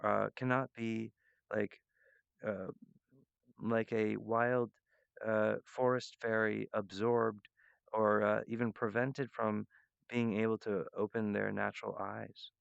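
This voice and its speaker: Gravelly, halting man speaking to viewers. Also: fairly low pitch, flat delivery, no room sound, highs cut off. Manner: halting, full of restarts and fillers, earnest. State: emotional. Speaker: artist addressing viewers. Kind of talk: rambling direct-to-camera monologue.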